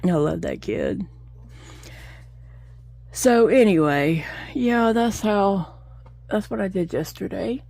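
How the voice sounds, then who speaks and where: A woman's voice: medium pitch, takes it slowly, creaky, long pauses, mellow. A middle-aged woman, chatting casually and telling stories, laughing often as she crochets at home. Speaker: crochet vlogger. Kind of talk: casual chat while crocheting.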